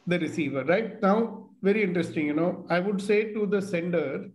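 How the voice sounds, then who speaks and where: A middle-aged man with an Indian English accent hosting a casual self-growth conversation, animated and acting out quoted speech. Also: high-pitched, a little fast, echoey room, poor audio. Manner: animated, mixes in Hindi phrases, acts out quoted speech. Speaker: host.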